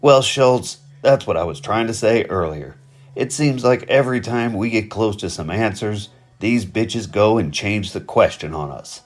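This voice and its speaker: A man voicing Hank, a gruff, profane male criminal with a low, weary drawl. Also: lively intonation, measured pace, soft background music. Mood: exasperated.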